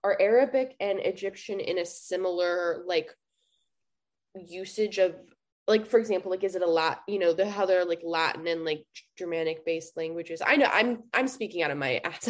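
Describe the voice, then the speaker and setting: A woman's voice: fairly low pitch, moderate pace. A woman hosting a casual interview, talking loosely with lots of filler words. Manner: relaxed, filler-heavy with frequent "like", laughs readily. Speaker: host.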